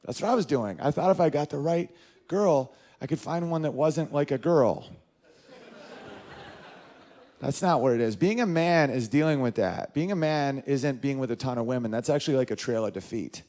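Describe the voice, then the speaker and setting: A man in his thirties doing an animated stand-up comedy routine, jumping in and out of character voices. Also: brisk. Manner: animated, jumps into high-pitched character voices.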